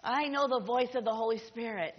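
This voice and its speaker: Middle-aged lady pastor preaching, kinda high voice, repeats herself a lot, long echo in a big hall, dull sound. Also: brisk, slightly rough. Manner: emphatic, repeats phrases, exhorting. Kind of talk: sermon.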